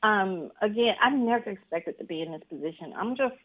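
A lively woman from Mississippi talks casually from home, laughing often and slipping into a higher voice when she quotes people. Her voice comes through a thin, tinny video-call line at a middle pitch. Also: a little fast. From Mississippi, USA. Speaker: author being interviewed. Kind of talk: casual storytelling interview.

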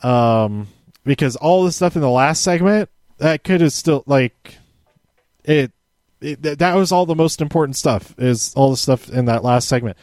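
A man's voice: mid-range voice, lively intonation, normal speed, darkish tone, dry recording. Rambling man reviewing a show. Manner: rambling, many fillers and restarts; reads from handwritten notes. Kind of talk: casual spoken review.

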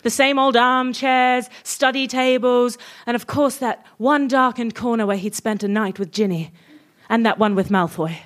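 Woman reader for a spoof story, giggly and playful, high voice. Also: fairly even intonation, moderate pace. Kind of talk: comic reading of a parody story.

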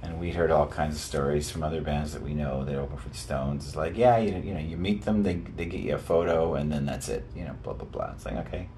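An older man who sings in a rock band, telling a story to an interviewer in a relaxed chat and slipping into other people's voices. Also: rumbling low, fast talker, few pauses, a little hiss or hum. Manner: animated, breaks into voices of people in his stories. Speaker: lead singer, interview guest. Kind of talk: casual storytelling.

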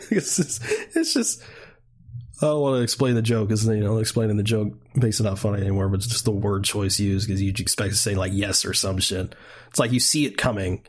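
A husky-voiced man in casual podcast conversation. He laughs a lot and slips into sarcastic jokes. His speech is loose and animated. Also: lowish voice, fairly quick. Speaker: podcast co-host. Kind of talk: casual chat.

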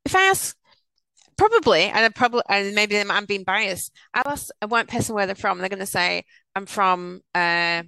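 A woman's voice: mid-range voice, animated, brisk, creaky, sharp tone, dry recording, rough recording. A woman co-hosting a podcast in casual chat, reflective and asking pointed rhetorical questions. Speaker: podcast co-host.

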